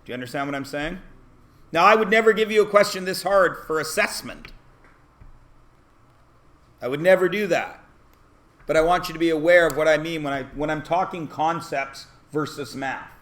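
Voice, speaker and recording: A man's voice: on the high side, moderate pace, long pauses, a bit bright. A man teaching a math class, asking the students questions and often answering them himself. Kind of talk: classroom lesson.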